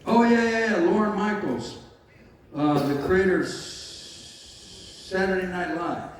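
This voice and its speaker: A man's voice: high voice, takes it slowly, distant mic. An American man in his sixties, a guest at a convention panel, telling rambling, joking stories with lots of fillers. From United States. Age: 60s. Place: large convention hall. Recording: echoey hall, heard from afar, faint noise.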